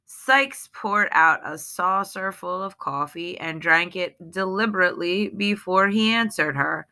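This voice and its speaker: A woman reading a short story aloud in a measured, deliberate way. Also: lowish voice, pushed and bright. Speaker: reader.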